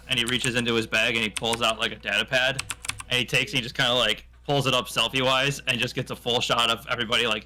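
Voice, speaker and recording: A man talking through his character's moves at a tabletop game, loose and full of fillers. His voice is very bright and forward, with faint music behind him. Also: mid-range voice, fairly even intonation, a little fast. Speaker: player. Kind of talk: tabletop role-play chat.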